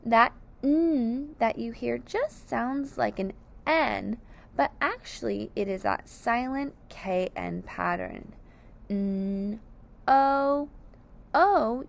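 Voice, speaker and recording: Slow, gravelly-voiced woman teaching phonics. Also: fairly high pitch. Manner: sounding out words letter by letter, patient and deliberate. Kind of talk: slow phonics lesson for young children.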